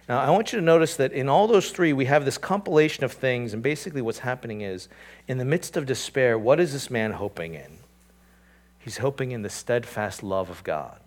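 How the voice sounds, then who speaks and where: Male pastor, sermon, dips to near-hushed verse reading, rises to emphatic points, rhetorical questions, restarts phrases. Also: expressive, brisk. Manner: swings from hushed, low scripture reading to raised, emphatic preaching.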